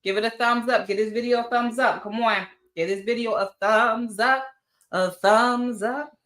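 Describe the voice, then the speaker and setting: A woman's voice: on the high side, steady tone, normal speed, a bit bright, echoey room. A woman hosting a casual livestream, greeting viewers by name and chatting loosely, sometimes swearing. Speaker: livestream host. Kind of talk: casual live chat.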